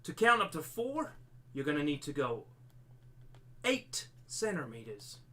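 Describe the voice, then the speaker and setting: A man's voice: fairly high pitch, very animated, measured pace, pushed and bright. A man teaching a live-streamed maths lesson step by step, slipping into a jokey pirate-like accent. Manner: explains step by step, repeating himself.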